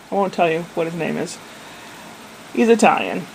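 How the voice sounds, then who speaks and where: A woman's voice: fairly low pitch, animated, fairly quick, a little hiss or hum, poor audio. An older woman in a casual video diary, chatty and meandering, with a self-deprecating manner. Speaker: vlogger.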